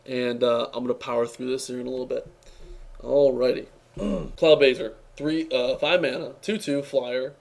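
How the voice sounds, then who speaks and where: A man's voice: mid-range voice, fairly even intonation, normal speed, vocal fry, darkish tone. A young man with a tired, strained voice, giving an offhand, sarcastic review in casual speech, full of fillers and restarts. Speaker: card game reviewer.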